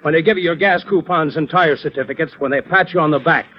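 An actor playing a sardonic, persuasive insurance company owner in a 1940s radio drama. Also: male voice, fairly high pitch, quick pace, slight background noise, close to an everyday voice. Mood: sarcastic. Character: Mister Evans, insurance company owner, sharp-tongued boss. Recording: dull old radio recording.

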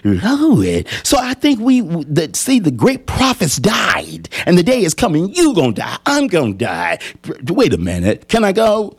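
Older guy preaching, husky voice, pitch swings all over, calls and drawn-out lines. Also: darkish tone. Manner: call-and-response preaching, drawn-out scripture reading. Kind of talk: sermon.

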